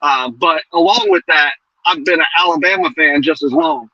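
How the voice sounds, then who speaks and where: A man's voice: on the high side, normal speed, pushed and bright, dry recording, dull audio. A man calling in to a sports podcast, talking in an easygoing way as a fan and swearing casually. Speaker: call-in guest. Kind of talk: casual chat.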